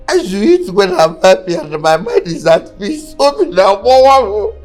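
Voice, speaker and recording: A man's voice: sits high, sing-song, measured pace, darkish tone, faint music behind. A man with a Nigerian accent playing a distraught young man who wails, sobs and laughs in grief over his friend. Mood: grief-stricken. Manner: wailing, swings between sobs and laughs. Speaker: grieving friend refusing food. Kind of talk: Nollywood film acting.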